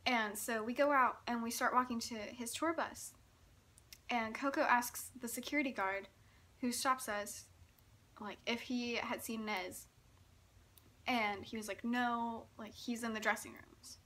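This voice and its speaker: A young woman telling a story in a casual vlog, giggling often and talking in an excitable, breathless way full of fillers. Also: a little high, measured pace, a little hiss or hum. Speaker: vlogger.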